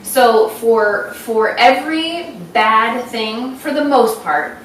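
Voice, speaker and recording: A woman's voice: fairly high pitch, slow, a bit bright, a little hiss or hum. A woman in a casual group chat, explaining diet rules loosely and with lots of fillers. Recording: very echoey room, distant mic.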